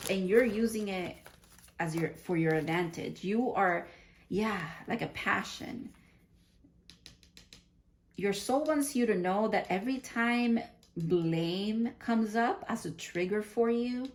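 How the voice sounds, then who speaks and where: A woman with a medium-pitched voice gives a casual, spiritual tarot card reading, with slight background noise behind her. Chatty and giggly, the tarot reader thinks aloud and frequently restarts her sentences.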